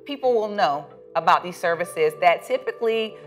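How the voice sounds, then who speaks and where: A woman's voice: on the low side, animated, normal speed, soft background music. A middle-aged woman, a social worker, explaining care services in an interview with emphatic, punchy stress on key words. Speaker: gerontology social worker and dementia educator. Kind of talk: expert explaining in a podcast interview.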